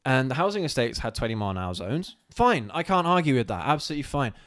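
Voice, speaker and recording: A man co-hosting a live chat show, talking in a rambling, easygoing way. He restarts his sentences often and his voice lifts and speeds up as he gets worked up. His pitch sits in the middle range for a man. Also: quick pace. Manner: rambling, animated when ranting, laughs easily. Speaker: co-host. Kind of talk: casual live-stream chat.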